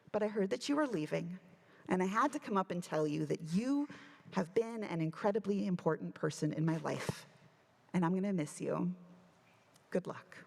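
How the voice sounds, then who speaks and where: A woman minister giving a sermon, telling a story with animated delivery and acting out the voices she quotes. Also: fairly low pitch, gravelly. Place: church sanctuary. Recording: long church reverb.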